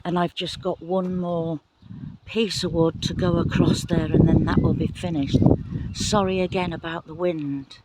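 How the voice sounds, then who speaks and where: Excitable woman on a garden tour. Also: lowish voice, unhurried, very noisy. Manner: excitable, gasping, apologetic. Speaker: gardening vlogger. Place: outdoor garden plot, windy.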